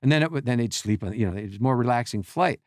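A middle-aged man, a podcast guest, telling animated behind-the-scenes stories and acting out quotes and sounds. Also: mid-range voice, very fast, no room sound, studio quality. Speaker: podcast guest, team equipment worker. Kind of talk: casual storytelling.

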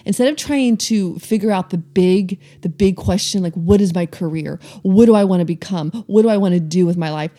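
A woman's voice: fairly low pitch, fairly quick, hardly any pauses, dark tone. A woman in her forties co-hosting a casual chat, talking in an earnest, reflective way. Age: 40s. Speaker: podcast co-host.

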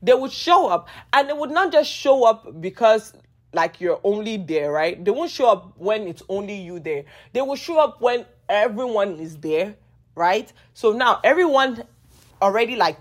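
A woman's voice: mid-range voice, expressive, moderate pace. Emphatic young woman vlogger. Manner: emphatic, repeats lines for effect, swears freely. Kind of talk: casual talk to camera.

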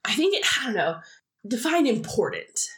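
A woman's voice: fairly high pitch, very animated, moderate pace, reverberant. A young woman co-hosting a podcast, chatting casually and thinking aloud with many fillers and easy laughs. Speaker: podcast co-host. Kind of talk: casual chat.

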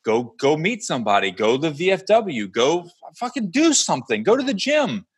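A man in his thirties in casual chat, talking bluntly and with lots of swearing, getting animated as he goes. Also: fairly high pitch, normal speed, husky. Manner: blunt, profane, animated tough talk.

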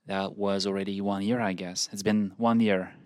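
Man, podcast co-host, fairly low voice, dry quips, close dry recording. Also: flat delivery, moderate pace, clean tone, no echo. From central Ukraine. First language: Ukrainian. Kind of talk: casual podcast chat.

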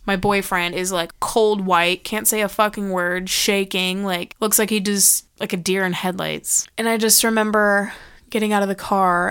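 A woman's voice: fairly low pitch, vocal fry, a bit bright, smooth. A woman telling a story as a podcast guest, blunt and full of swearing, acting out her own past lines. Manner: blunt, heavy swearing, quotes herself dramatically. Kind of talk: casual storytelling.

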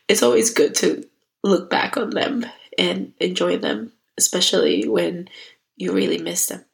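A woman's voice: lowish voice, measured pace, gravelly, low-quality recording. A young woman hosting a solo self-growth podcast, talking in a chatty, heartfelt way that turns emotional. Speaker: podcast host. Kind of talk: casual solo podcast talk.

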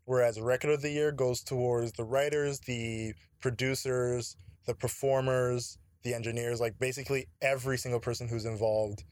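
Male podcast host, relaxed and slangy, mid-range voice, dry close mic. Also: medium pitch, moderate pace, few pauses, no echo. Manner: laid-back, slangy, profane. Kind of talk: casual podcast chat.

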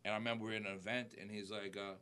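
A man's voice: fairly low pitch, flat delivery, racing, sharp tone, a little hiss or hum. A man from New York with a New York accent, a music manager talking casually and enthusiastically, full of fillers. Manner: enthusiastic, repeats "incredible", many fillers. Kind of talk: casual interview talk.

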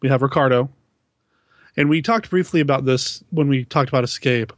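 This podcast co-host's medium-pitched voice runs at normal speed in a dry recording. He keeps the film talk casual, laughing and making fun of himself.

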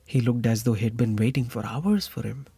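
A man reads a short story aloud in a measured, reflective manner, his voice husky and dry. Soft music plays faintly behind him. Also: mid-range voice, dry recording. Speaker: narrator. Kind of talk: scripted story narration.

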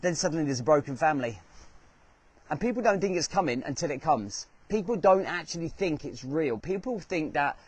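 A man hosts a motivational talk in an earnest, animated way, his voice pitched slightly high for a man. He moves at a moderate pace and hammers his points home by repeating key phrases.

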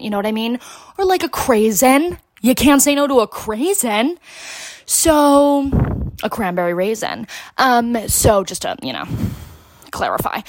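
Animated, dramatic young woman telling a story. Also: mid-range voice, no echo, studio quality. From Connecticut. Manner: animated, dramatic, heavy use of filler words; swears freely. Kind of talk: casual storytelling.

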